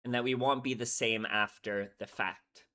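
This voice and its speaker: Bright-voiced man, earnest reaction chat. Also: medium pitch, fairly even intonation, normal speed. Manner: earnest, emotional, says "right?" often. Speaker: music reaction YouTuber. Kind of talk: casual reaction commentary.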